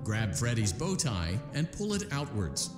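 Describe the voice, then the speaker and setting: An actor voicing a calm, polite instructor who gives repair-task directions in a video game. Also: male voice, fairly low pitch. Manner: polite, measured instructional delivery. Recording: game audio with long reverb and music.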